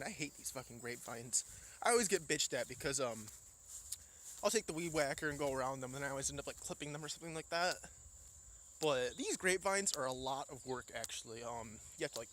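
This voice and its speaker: A man's voice: a little high, fairly bright tone, slight background noise. A young man from Indiana, out of breath, profanely complaining in a casual vlog as he walks around a farm outdoors. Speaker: vlogger. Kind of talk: casual vlog walk-through, ranting. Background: faint insects and crickets.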